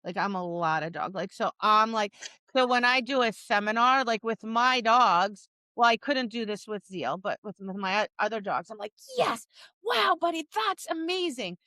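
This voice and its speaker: A woman's voice: medium pitch, normal speed, pushed and bright, no echo. A woman co-hosting a podcast about dog training, talking casually and acting out cheery voices and dog reactions. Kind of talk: casual chat.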